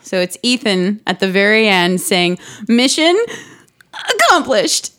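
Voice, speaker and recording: A woman co-hosting a podcast in casual chat, talking in quick asides and laughing often. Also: mid-range voice, fairly even intonation, a bit bright, clear, resonant tone. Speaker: podcast co-host.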